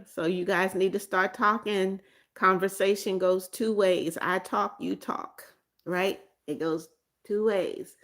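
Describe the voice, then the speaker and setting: A middle-aged woman from the United States hosting a casual livestream, chatting and reading viewer comments aloud, often repeating greetings and names. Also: mid-range voice. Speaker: livestream host.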